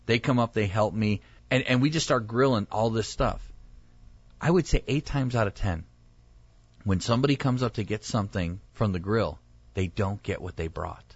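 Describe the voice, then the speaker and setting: A man's voice: fairly low pitch, moderate pace, husky, no echo, highs cut off. A male pastor chatting casually, telling stories and acting out the people in them. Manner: animated storyteller, acts out quoted voices. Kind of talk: casual chat.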